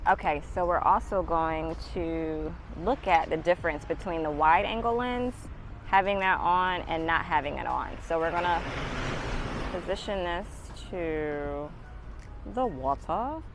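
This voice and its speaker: A lower-pitched woman talking casually to her viewers, chatty and reassuring as she shows off a small camera. She speaks into a pocket camera's built-in mic, partly outdoors on a windy beach. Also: a little slow, a bit bright, faint music behind. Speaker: vlogger. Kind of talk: casual product vlog. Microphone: handheld pocket camera mic.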